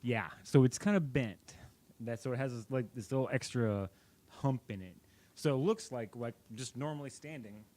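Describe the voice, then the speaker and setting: A man's voice: medium pitch, normal speed, darkish tone. A young man vlogging, casually telling a personal story in a rambling, self-correcting way.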